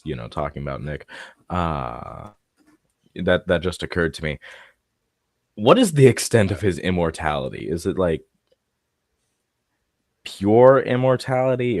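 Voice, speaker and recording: A man's voice: low-pitched, creaky, a little mellow, dry recording. A man chatting casually as a player, rambling and stammering with frequent swearing. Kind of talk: casual chat.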